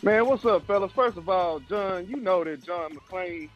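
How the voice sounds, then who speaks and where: A man's voice: sits high, a little slow, faint music behind. A man calling in to a sports talk show, out of breath and making his point with emphasis. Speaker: caller. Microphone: phone line. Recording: dull lo-fi phone call.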